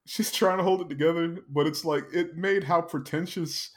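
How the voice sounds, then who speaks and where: A man's voice: on the high side, fairly even intonation, normal speed. Laughing man recapping a movie. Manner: laughs often while retelling scenes. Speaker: podcast host. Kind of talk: casual film recap chat.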